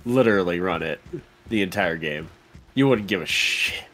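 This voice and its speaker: A man's voice: deep voice, expressive, moderate pace, fairly bright tone. A man co-hosting a casual game let's-play, rambling and laughing often. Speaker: gameplay co-host.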